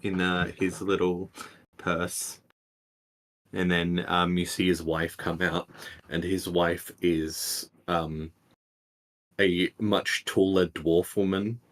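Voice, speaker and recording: Very low male voice, game master narration, laid-back, lots of ums. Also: slow. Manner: relaxed narration with many fillers and soft laughs.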